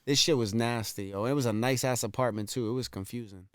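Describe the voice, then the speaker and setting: A man's voice: medium pitch, quick pace. A young man from Massachusetts, a rapper guest on a podcast, telling stories in casual slang with lots of swearing.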